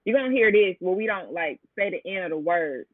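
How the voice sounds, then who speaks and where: A woman's voice: on the low side, expressive, a little fast, narrow, tinny audio, a loud crowd. A woman with an Atlanta accent chatting playfully with friends and laughing easily. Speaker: podcast guest. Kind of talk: casual chat.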